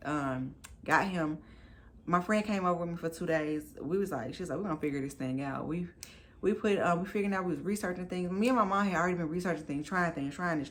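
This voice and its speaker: Woman, 30s, vlogger, casual storytelling, candid, emphatic, lowish voice. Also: fairly bright tone. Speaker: vlogger and new mom.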